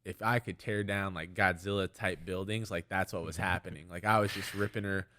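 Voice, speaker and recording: A man's voice: sits low, steady tone, brisk, pushed and bright, a little hiss or hum. A man, an MMA fighter and trainer, talking as a podcast guest in a rambling, storytelling way full of "like" fillers. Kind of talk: casual podcast conversation.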